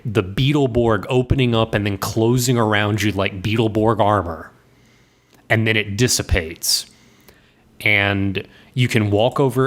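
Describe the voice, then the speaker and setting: A man's voice: lowish voice, a bit bright. A man co-hosting a podcast, recapping a game's ending in a rambling, casual way with lots of fillers. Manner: rambling retelling of a game plot, lots of fillers. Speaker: podcast co-host.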